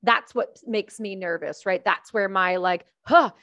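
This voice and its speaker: A woman from Canada hosts an interview in an earnest, animated way, thinking her points through out loud. Her voice sits at a middle pitch. The sound is dry and close. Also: a little slow, no room sound. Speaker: podcast host. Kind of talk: conversational interview.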